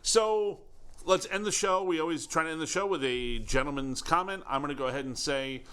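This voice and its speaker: A man's voice: fairly high pitch, fairly quick, fairly bright tone, clear, resonant tone. Man co-hosting a casual podcast. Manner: playful, tosses out bits and old-cartoon impressions. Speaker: podcast co-host. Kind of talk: casual chat.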